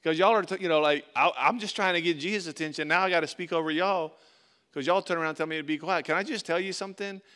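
A pastor delivers a conversational sermon, his voice pitched slightly high for a man. He leans into emphatic, louder phrases, then drops into quiet, intimate asides. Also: fast talker. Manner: conversational preaching, rising to emphatic bursts then dropping soft.

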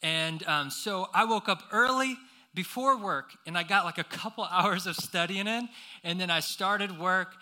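A man's voice: high voice, unhurried, pushed and bright. A young man preaching a sermon, telling a personal story with lots of fillers and restarts before turning to scripture.

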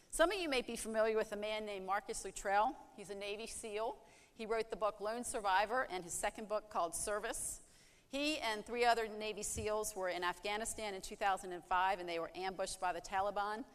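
A woman's voice: medium pitch, smooth, long reverb tail. A woman preaching a sermon in an earnest way, asking rhetorical questions and acting out heartfelt prayers.

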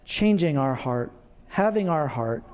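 High-voiced pastor in a reverberant hall. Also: male voice, animated, measured pace, a little mellow. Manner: conversational, self-deprecating humor. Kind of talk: sermon. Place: church sanctuary.

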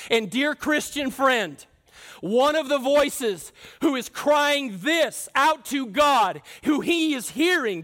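A male pastor with a strikingly high voice delivers a fervent sermon. He preaches with emphasis and keeps turning to address his listeners directly. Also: fairly bright tone.

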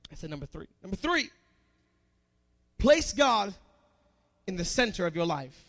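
A man preaching a sermon in a very high voice. He asks the congregation questions and drops to soft asides before rising to loud, emphatic lines. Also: big pitch swings, a little slow, gravelly. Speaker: pastor.

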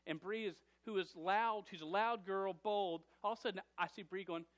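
Guy preaching, pretty high voice, lively, stumbles and repeats words a lot. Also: normal speed. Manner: animated, with stammered restarts and repeated words. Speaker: pastor. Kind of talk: sermon.

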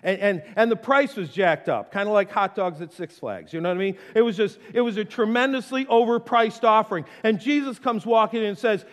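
High-voiced man preaching in a reverberant hall. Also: brisk, hardly any pauses. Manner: conversational preaching with playful asides and acted quotes. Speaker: pastor. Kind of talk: sermon.

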